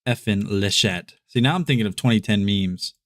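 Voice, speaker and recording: A man's voice: fairly low pitch, lively intonation, quick pace. Rambling, laughing male stream host. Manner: laughs often and rambles with restarts. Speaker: livestream shopping host. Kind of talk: casual live-stream chat.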